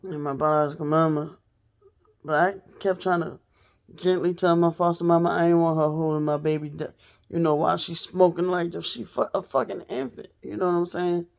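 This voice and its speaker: A woman's voice: fairly low pitch, fairly even intonation, normal speed, creaky, darkish tone. A woman telling a personal story straight to her viewers in a casual, blunt, profane way. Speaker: storytelling vlogger.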